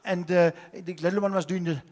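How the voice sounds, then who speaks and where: An older man from South Africa giving a dramatic conference talk, swinging from loud storytelling to hushed asides. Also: sits high, fairly even intonation, a little fast. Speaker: conference speaker. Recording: hall reverb.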